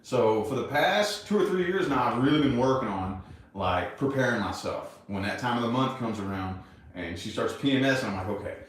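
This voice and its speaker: A man's voice: mid-range voice, expressive, a little fast. A man co-hosting a casual couple chat, talking frankly and reflectively and swearing freely. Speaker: podcast co-host. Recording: echoey room, distant mic.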